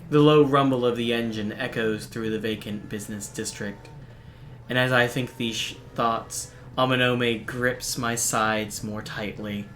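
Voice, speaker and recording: A man streaming a game, reading its visual novel text aloud in a steady, even narration broken by quick, dry asides. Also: mid-range voice, a little hiss or hum. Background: faint game music.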